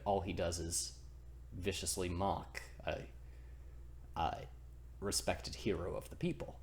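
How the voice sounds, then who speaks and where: A man's voice: sits low, level tone, slow pace, pauses often, a little hiss or hum. A man casually retelling a myth as a comedy, goofy and rambling, interrupting himself often. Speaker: storyteller, channel host.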